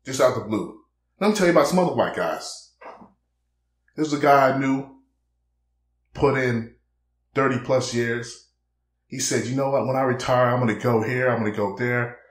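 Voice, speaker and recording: A young man delivering a blunt, preachy monologue, mid-pitched and conversational. He keeps throwing in "man" and slips into quoted back-and-forth dialogue. The sound bounces around an echoey room. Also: normal speed, pauses often. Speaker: vlogger. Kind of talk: casual monologue to camera.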